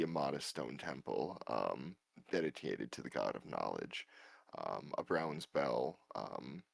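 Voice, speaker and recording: A man's voice: very deep voice, vocal fry, slight background noise, pitched below the performer's own voice, full character voice. A man playing a fussy, formal male tour guide who is eager to please.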